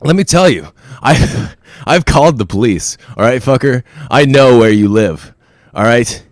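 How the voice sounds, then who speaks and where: A man's voice: medium pitch, lively intonation, unhurried, no room sound, close to an everyday voice. A man voicing an angry, self-important caller who rants and threatens in a voicemail, with a dry close sound. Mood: furious. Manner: furious, foul-mouthed, threatening. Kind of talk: comedy podcast voicemail bit.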